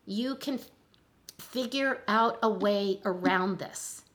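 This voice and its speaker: An older woman, a chiropractor, talking in a relaxed interview and telling stories with lively acted-out voices. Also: medium pitch, takes it slowly. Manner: animated storyteller, acts out voices in anecdotes. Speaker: chiropractor guest. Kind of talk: conversational interview.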